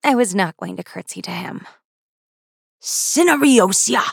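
A woman narrating a first-person fantasy story in a wry, brisk way. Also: lowish voice, vocal fry, breathy edge, no room sound, studio quality. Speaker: audiobook narrator.

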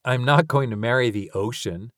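A woman's voice: a bass voice, normal speed, dry recording, clean studio sound. A woman reading the lines of a prim, flustered grown man in her near-natural voice, clipped and curt.

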